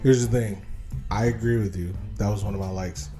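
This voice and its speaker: A man co-hosting a casual movie review podcast, relaxed, trailing off into quiet asides. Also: on the low side, a little fast, music in the background. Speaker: podcast co-host.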